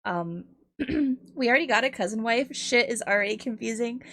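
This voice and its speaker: A woman's voice: a little high, expressive, moderate pace, a bit bright, no echo. A woman hosting a casual art livestream, chatting and giggling a lot and swearing freely. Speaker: Twitch art streamer.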